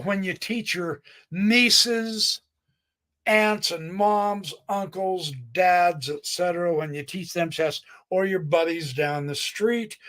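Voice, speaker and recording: A man hosting a live chess stream, chatty and excitable, calling out moves as he plays them and thinking aloud, a bit sneezy today. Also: sits high. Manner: chatty, excitable, exclamations and laughs. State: sneezy, stuffed up. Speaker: chess livestream host.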